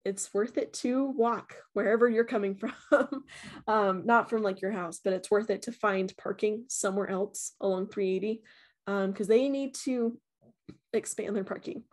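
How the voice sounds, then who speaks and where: A woman's voice: medium pitch, normal speed, a little mellow. A young woman telling the story of her haunted house visit in a casual vlog, chatty and full of "um" and "like". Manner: chatty, many "um" and "like", acts out quotes with voices. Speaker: vlogger reviewing a haunted house.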